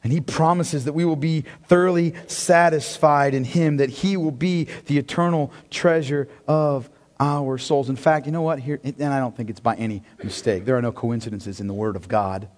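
A man preaching a sermon in a church, impassioned and swinging between loud and hushed delivery. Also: medium pitch, moderate pace. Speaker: pastor. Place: church sanctuary. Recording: long hall reverb.

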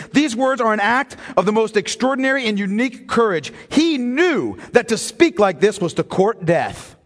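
Animated preacher man in an echoing hall. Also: extremely high pitch. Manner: animated storytelling preacher, shifts from jokes to solemn emphasis. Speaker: pastor. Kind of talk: sermon.

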